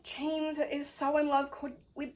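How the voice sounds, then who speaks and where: A young woman recapping a novel in a casual vlog, animated and exasperated, with frequent swearing and asides. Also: high-pitched, a little slow. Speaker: book vlogger.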